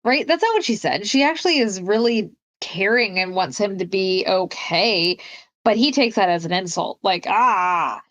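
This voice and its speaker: A woman co-hosting a casual film discussion, animated and acting out the characters' lines as she retells scenes. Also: moderate pace. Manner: animated, acts out quotes in a higher voice. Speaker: podcast co-host.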